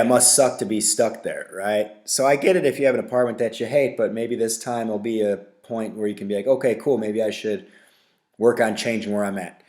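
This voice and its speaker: Blunt, foul-mouthed podcast host ranting. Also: male voice, mid-range voice, a little mellow. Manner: conversational, many fillers and tag questions. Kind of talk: casual solo podcast rant.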